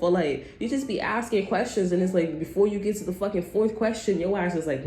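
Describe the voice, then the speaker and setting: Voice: medium pitch, brisk, hardly any pauses. A tarot reader giving a casual, rambling reading full of cursing and asides. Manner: profane, rambling, animated. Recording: roomy echo, faint background noise.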